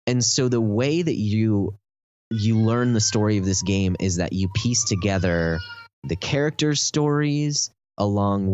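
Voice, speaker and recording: A man with a Texan accent and a very low voice talks through a topic in loose, rambling podcast chat, full of fillers. The sound is dry and close, with a slightly dull, muffled tone. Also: darkish tone, dry recording. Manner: rambling, lots of fillers, enthusiastic explaining. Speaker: podcast host.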